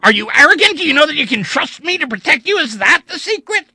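A man voicing a desperate, furious male spacefarer who shouts and pleads in a high, strained voice. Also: big pitch swings, fast talker, dry recording, exaggerated voice. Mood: screaming.

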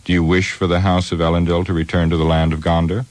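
A man voicing a weathered, grave male ranger, heir of kings, speaking in a measured, solemn way in an audiobook reading. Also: sits low, flat delivery, darkish tone, no echo, lightly acted.

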